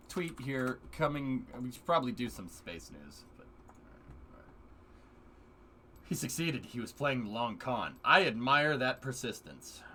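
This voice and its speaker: A man with a mid-range, sharp-toned voice streams live, chatting casually and joking with his viewers. In bursts he puts on silly voices, and a little hiss or hum sits under the audio.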